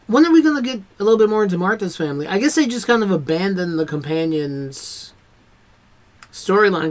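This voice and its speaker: A man hosting a reaction video, giving a casual spoken review that rambles with hesitations, fillers and restarts. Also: sits high.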